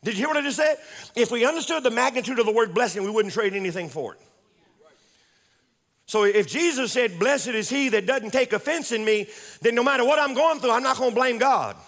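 A man's voice: very high-pitched, animated, fast, fairly bright tone, big-room sound. A man preaching a fervent sermon as pastor, repeating phrases and calling on the congregation to respond. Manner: fervent, repetitive, call-and-response.

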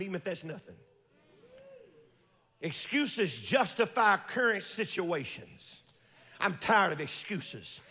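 A man preaching a fiery sermon in a large church, building up to shouts. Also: high-pitched, big-room sound. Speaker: pastor.

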